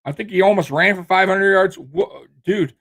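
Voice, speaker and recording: A man's voice: high-pitched, moderate pace, fairly bright tone. A man hosting a fan sports show, ranting heatedly and with profanity, full of fillers and restarts.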